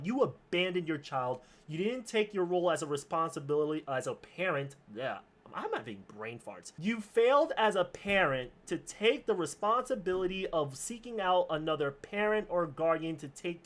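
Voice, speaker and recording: A streamer giving casual commentary on a news story, passionate and indignant, often restarting words. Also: mid-range voice.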